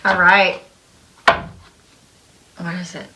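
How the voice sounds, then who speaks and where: A woman's voice: lowish voice, flat delivery, drawn-out words, background noise. A woman giving a casual spiritual tarot reading, rambling and enthusiastic, acting out little back-and-forth dialogues as she talks. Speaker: tarot card reader.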